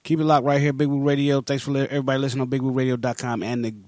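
A man's voice: medium pitch, level tone, racing, darkish tone, no echo, clean studio sound. A man hosting a radio talk show, easygoing and joking with his co-hosts. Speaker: radio host. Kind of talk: casual radio chat.

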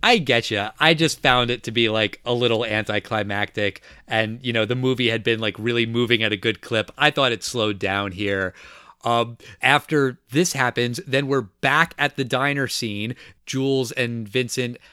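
Man, casual film talk, relaxed plot recap, dry close recording. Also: medium pitch, normal speed, clean tone, no echo.

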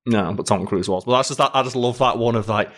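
A man's voice: medium pitch, quick pace, a bit bright. A man co-hosting a casual podcast chat, opinionated and chuckling, with rambling restarts. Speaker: podcast co-host.

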